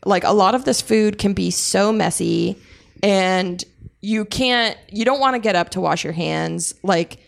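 A woman's voice: medium pitch, measured pace, gravelly. A young woman co-hosting a casual podcast, steering the talk with questions and laughing. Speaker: podcast co-host.

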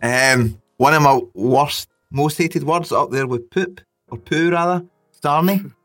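A man's voice: a little high, measured pace, fairly bright tone, soft background music. A man co-hosting a podcast, trading jokes and laughing often as he chats. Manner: jokey, laughs often, swears. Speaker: podcast co-host. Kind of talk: casual banter.

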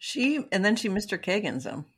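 A woman co-hosting a podcast in casual chat, with wry quick reactions and frequent laughter. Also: mid-range voice, sing-song, husky. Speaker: podcast co-host.

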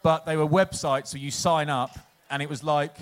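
A man's voice: a little high, steady tone, moderate pace. An English man in his forties, a former rugby player, telling long, rambling comic anecdotes to a live audience and laughing at his own stories. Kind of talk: live comedic storytelling.

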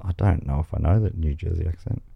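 A man's voice: sits low, fast, creaky, husky, phone-quality sound. An Australian man hosting a comedy game show podcast, reading out quiz questions with playful asides. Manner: playful, reads questions aloud with animated asides. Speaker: host.

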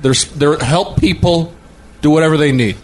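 On a noisy podcast, a man giggles through a comedy impression of an older filmmaker, rambling wistfully and breaking character. His voice is fairly high and close to how he normally talks, at a normal speed.

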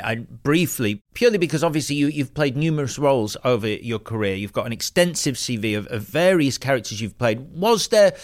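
A man hosting a film interview, asking long, winding questions with fillers. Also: medium pitch. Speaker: interview host.

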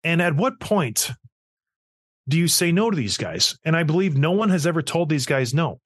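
A man's voice: on the high side, expressive, moderate pace, no room sound, studio quality. A middle-aged man hosting a sports podcast, ranting in an emphatic, exasperated way in casual talk. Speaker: podcast host.

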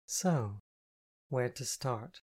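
Cool deadpan young woman, a guy reading her, flat and steady, middle pitch. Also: very slow, slightly rough, heavily acted. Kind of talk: audiobook character voice.

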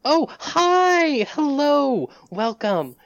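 A woman's voice: high-pitched, very animated, slow pace, no echo, voice pushed up, exaggerated voice. A woman voicing a bubbly, friendly mother greeting guests cheerfully. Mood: cheery. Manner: bright, welcoming greetings.

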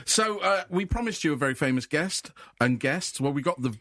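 A man hosting a comedy radio show, chatty and quick to laugh. His voice is very lively, swinging up and down a lot. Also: a little high, no echo, clean studio sound. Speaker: radio host.

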